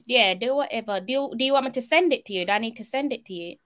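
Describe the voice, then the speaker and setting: A woman's voice: on the high side, fast talker, fairly bright tone. A woman co-hosting, chatting casually with brief, supportive interjections. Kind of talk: casual chat.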